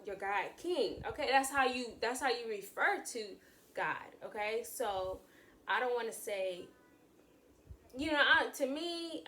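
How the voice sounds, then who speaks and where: Casual vlogger woman, mid pitch, faint room noise, talks in loose repeating phrases. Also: a bit bright. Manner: chatty, repeats and restarts phrases, addresses viewers as y'all. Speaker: channel host sharing faith views. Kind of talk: casual talk to camera.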